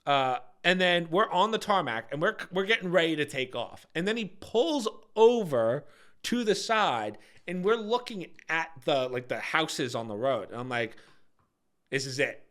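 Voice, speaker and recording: A man's voice: a little high, very animated, moderate pace, fairly bright tone. A man co-hosting a podcast, telling a rambling travel story in casual chat and laughing often. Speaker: podcast co-host.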